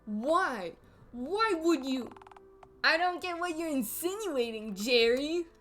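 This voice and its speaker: A woman's voice: high voice, lively intonation, takes it slowly, fairly bright tone, voice pushed up, full character voice. A woman voicing snarky phone-headed carnival characters, reading game dialogue aloud in a sardonic, teasing manner.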